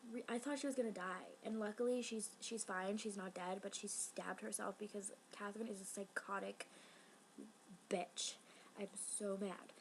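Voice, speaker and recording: A woman reviewing a TV episode in a casual vlog, rambling and excitable, full of fillers. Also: mid-range voice, slight background noise, low-quality recording.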